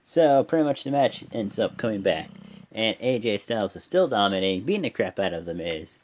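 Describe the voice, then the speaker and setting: A man's voice: lowish voice, a little fast, slight background noise. A man hosting his own reaction channel, recapping a show casually with lots of fillers and rambling asides. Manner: rambling, with many fillers and "and whatnot"; breaks into loud, excited voices when quoting. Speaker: host of a wrestling reaction channel.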